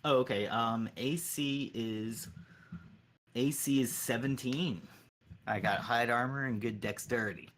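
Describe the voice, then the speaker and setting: A man's voice: medium pitch, measured pace, a bit bright, slight background noise. A man playing a tabletop game, answering the game master in an easygoing, slightly hesitant way. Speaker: player. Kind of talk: casual tabletop play.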